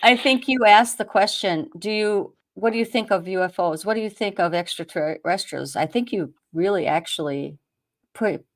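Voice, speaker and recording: A woman's voice: mid-range voice, normal speed, no room sound. A woman hosting a casual online talk show, chatting with her guest and putting in many asides and fillers. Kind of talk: casual interview chat.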